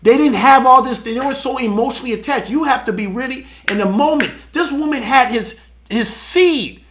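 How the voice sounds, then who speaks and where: High, bright-voiced preaching man. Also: moderate pace, a little hiss or hum. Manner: emphatic, animated, repeats words. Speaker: show host and church elder. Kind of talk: preaching commentary on scripture.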